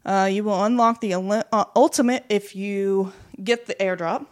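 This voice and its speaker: A woman's voice: medium pitch, steady tone, moderate pace, darkish tone. A woman co-hosting a casual gaming podcast, reading out news and schedules with joking asides. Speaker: podcast co-host. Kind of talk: casual esports podcast chat.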